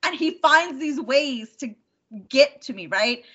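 A woman in her thirties in casual chat, telling a dating story in a rambling, animated way, full of "like" and swearing. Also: sits high, slow. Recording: dull lo-fi sound.

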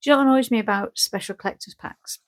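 A woman's voice: on the high side, racing. A woman co-hosting a podcast in casual chat, rambling and joking, acting out little scenes. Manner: rambling, jokey, acts out scenes. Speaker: podcast co-host.

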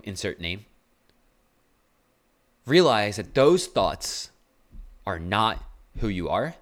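A man's voice: lowish voice, big pitch swings, slow, long pauses. A young man hosting a podcast, talking blunt and earnest in a casual motivational monologue. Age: young adult. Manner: blunt and earnest, self-described aggressive tone. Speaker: podcast host.

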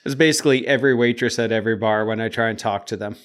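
A man's voice: on the low side, steady tone, racing. A man co-hosting a podcast in casual chat, agreeable with a dry sense of humor. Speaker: podcast co-host. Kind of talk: casual chat about a song.

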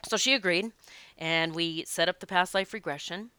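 A woman who works as a past life regression practitioner, talking casually to her audience and telling stories in an animated, emphatic way. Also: fairly low pitch, normal speed, clear, resonant tone, no echo. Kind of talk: casual spoken talk to an audience.

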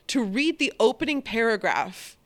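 A woman hosting a podcast in casual chat, animated and swearing casually. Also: on the high side, moderate pace. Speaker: podcast host.

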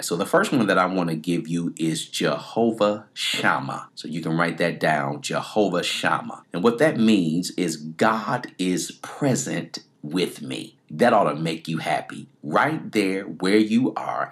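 A man preaching a sermon, emphatic, repeating key phrases and sometimes dropping to a near-whisper. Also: sits low.

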